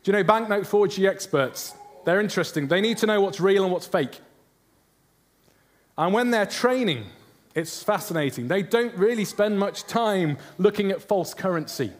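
A man's voice: high-pitched, expressive, moderate pace. A man preaching a sermon, earnest, often asking his listeners questions. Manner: earnest, asks the congregation rhetorical questions.

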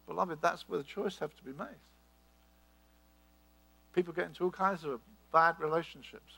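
Emphatic middle-aged male preacher, higher voice. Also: moderate pace, creaky, pauses often, fairly bright tone, poor audio. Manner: emphatic, repetitive preaching with rhetorical questions. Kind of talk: sermon.

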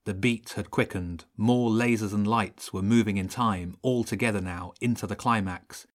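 Man narrating a children's audiobook. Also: fairly low pitch. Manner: steady, measured storytelling.

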